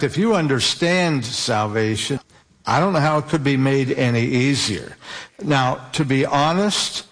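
A man preaching a sermon, slowly and deliberately, stretching out key words for emphasis. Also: medium pitch.

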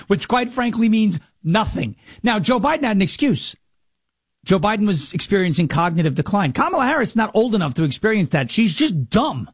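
A man's voice: high voice, lively intonation, a little fast, husky, dry recording, clean studio sound. A man hosting a talk show, mocking and sarcastic as he comments on played clips.

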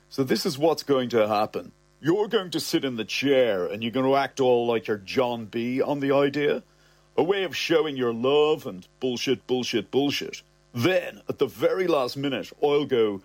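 A man's voice: medium pitch, lively intonation, normal speed, a little mellow, dry recording. A man narrating a comic story in a chatty, slangy way, doing voices for the characters.

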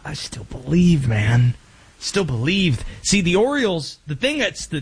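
A man with a high, bright-edged speaking voice hosts sports talk radio from a studio. He rattles off scores and banter with lively energy, throwing in playful bits as he goes. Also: husky. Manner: energetic, joking, slips into playful impressions.

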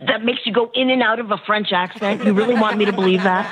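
A woman's voice: medium pitch, fairly even intonation, fast talker, over a noisy crowd. A woman pharmacist on a phone call, blunt and skeptical, often amused. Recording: muffled phone line.

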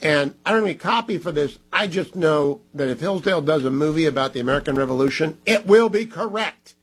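A man's voice: a little high, fast, breathy edge. A middle-aged man hosting a radio talk show, reading ads live in an emphatic, conversational way and repeating phone numbers.

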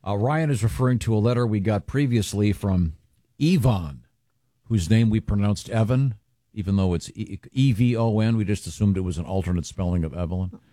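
Radio co-host man, low mellow voice, dry studio sound, rambling with fillers. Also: no room sound. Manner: rambling, halting with many fillers. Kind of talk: morning radio banter. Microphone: studio microphone.

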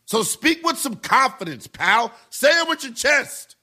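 Brash, lively sports radio host man. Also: extremely high pitch, measured pace, breathy edge. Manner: brash, emphatic opinion.

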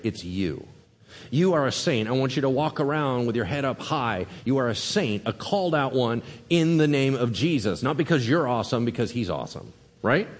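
A middle-aged man preaching a sermon, telling lively stories and acting out quotes in a lowered voice. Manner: energetic storytelling, acts out quotes in lowered voice. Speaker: pastor. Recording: long hall reverb.

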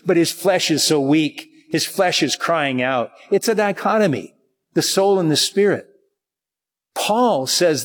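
Male pastor, earnest and halting, husky tone, long church reverb. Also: high-pitched, animated. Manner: earnest, halting with restarts, slows to read scripture. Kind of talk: sermon.

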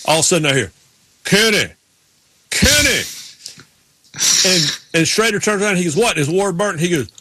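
A man's voice: high voice, racing, few pauses, bright, forceful tone, a little hiss or hum. A man co-hosting a casual sports chat, telling long rambling stories with many restarts. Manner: rambling storyteller, restarts a lot. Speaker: podcast co-host.

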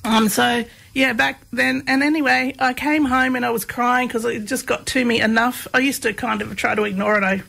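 A woman's voice: on the high side, fairly even intonation, moderate pace, creaky, hardly any pauses, sharp tone, poor audio. A woman, a guest in an interview, telling stories in a chatty way and laughing as she talks. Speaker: interview guest, comedy researcher. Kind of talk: casual conversational storytelling.

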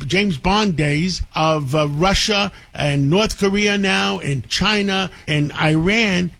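A high-pitched man with a New York accent chats as a radio host. He is enthusiastic and rambling, piling thought onto thought. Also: a bit bright. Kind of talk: casual talk radio hosting.

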